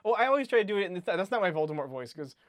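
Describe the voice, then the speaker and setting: Slightly high, dry-sounding man rambling casually. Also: sing-song, very fast, a bit bright, dry recording. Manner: rambling, self-interrupting, swears casually. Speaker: podcast co-host. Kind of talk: casual book discussion.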